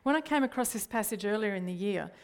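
A woman's voice: medium pitch, lively intonation, quick pace. A middle-aged woman with an Australian accent, a church leader giving a sermon in an earnest way, often turning to the listeners with rhetorical questions.

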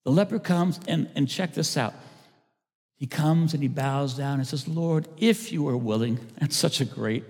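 A man, a pastor, preaching a sermon, swinging between loud emphasis and hushed asides. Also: a little high, moderate pace, slightly rough. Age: older. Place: church sanctuary. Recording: church hall reverb.

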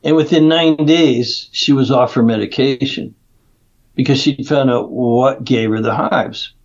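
A man telling a story as a guest in an interview, animated and acting out what people said. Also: medium pitch, unhurried. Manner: animated storyteller who acts out quotes. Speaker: guest, nutrition practitioner. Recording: dull lo-fi remote audio.

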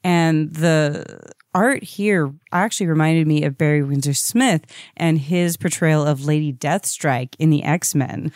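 A woman's voice: low voice, a little slow, few pauses, darkish tone, dry recording, clean studio sound. A woman co-hosting a podcast in a casual, amused, chatty comic book discussion. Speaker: podcast co-host.

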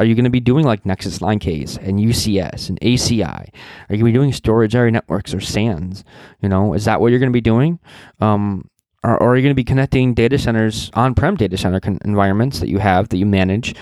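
A man's voice: lowish voice, a little mellow, dry recording. A man who is a little sick, giving earnest career advice in a rambling way, with many fillers and restarts. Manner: earnest, passionate. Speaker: networking career advisor. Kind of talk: casual advice talk.

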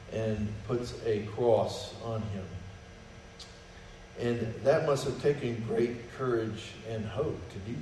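A man's voice: mid-range voice, darkish tone. Male pastor preaching in an echoey room. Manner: conversational preaching, acts out quoted prayers and dialogue. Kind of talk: sermon. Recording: roomy echo, mic from a distance, faint noise.

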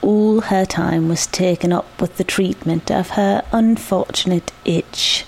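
A woman reading a short story aloud, measured and reflective. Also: fairly low pitch, fairly even intonation, creaky, darkish tone, slight background noise. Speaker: narrator.

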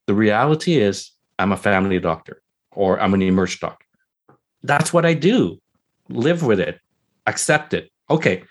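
A middle-aged man, a family and emergency doctor, explaining earnestly with rhetorical questions and acted examples. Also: medium pitch. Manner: earnest, uses rhetorical questions and repeats "right?".

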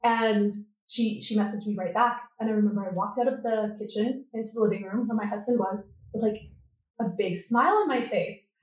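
Woman, middle-aged, podcast guest, lively storyteller, roomy echo. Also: mid-range voice, brisk. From Canada. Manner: lively, acts out quoted dialogue. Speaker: podcast guest, business coach. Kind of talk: storytelling interview.

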